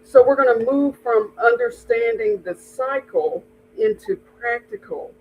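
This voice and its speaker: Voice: mid-range voice, a little slow, dull audio, slight background noise. A podcast host guiding the conversation and asking a guest to explain tools. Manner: prompting, asks guest questions.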